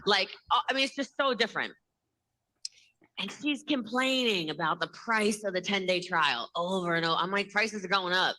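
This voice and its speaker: A woman giving a motivational sales training in a lively, laughing way, acting out other people's lines. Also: medium pitch, normal speed, poor audio.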